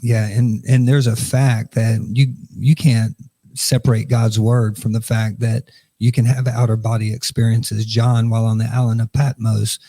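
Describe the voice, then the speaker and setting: A man hosts a livestream interview with an easy, upbeat manner. His tone is mellow and dark, heard close and dry. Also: medium pitch, little pitch movement, moderate pace, no echo. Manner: friendly, upbeat, laughs often. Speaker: host, pastor. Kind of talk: casual interview chat.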